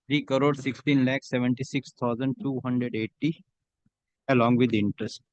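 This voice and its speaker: Authoritative judge dictating orders. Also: male voice, medium pitch, steady tone, dry recording, lo-fi sound. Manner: brisk and authoritative, dictates in fragments. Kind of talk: court proceedings and dictating orders. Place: courtroom.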